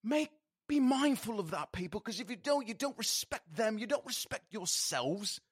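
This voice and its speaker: A man putting on a British accent to play a loud, blunt bloke lecturing people. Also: high voice, very animated, moderate pace, husky, pitched above the performer's own voice, exaggerated voice. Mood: ranting. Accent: put-on British. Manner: blustery, blunt, preachy. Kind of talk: comic impression on a podcast.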